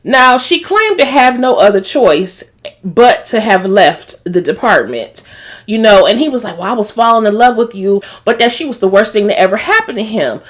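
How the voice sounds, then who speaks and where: A woman's voice: mid-range voice, moderate pace. A woman casually recapping a TV episode, acting out the characters' lines and laughing as she gossips. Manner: animated, acts out characters' lines in quotes; gossipy, laughs while talking. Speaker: show recap host.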